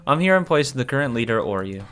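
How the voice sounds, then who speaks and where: A man voicing a cold, commanding teenage girl who leads her clan, speaking stiffly and gravely. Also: medium pitch, sing-song, quick pace, a bit bright, soft background music. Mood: cold formal.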